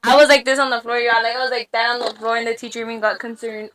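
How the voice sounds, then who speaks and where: A young woman on a casual podcast, telling stories in an animated, slangy way with plenty of swearing and laughter. Her voice is bright and pitched a little high. She talks into a podcast mic in a small room. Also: fast talker. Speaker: podcast guest. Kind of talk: casual storytelling.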